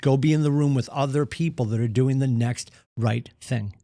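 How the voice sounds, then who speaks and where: A man's voice: mid-range voice, normal speed, warm tone, no echo, clean studio sound. A man leading a real estate team's morning meeting, giving an earnest, punchy motivational talk and acting out the excuses people make. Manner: earnest, punchy, acts out quoted voices. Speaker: real estate team leader.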